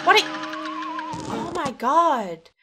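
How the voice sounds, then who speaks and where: High-voiced exasperated woman ranting. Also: big pitch swings, slow. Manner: exasperated, sarcastic, swearing freely. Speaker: gaming YouTuber reacting to a video. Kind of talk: casual reaction commentary. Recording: music playing clearly behind.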